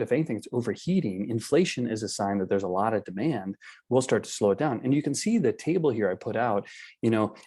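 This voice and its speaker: Presenter: man with a mellow, warm voice, giving a loose, conversational webinar talk full of fillers. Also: mid-range voice, husky. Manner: casual, filler-heavy explaining with frequent restarts. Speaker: wealth management presenter.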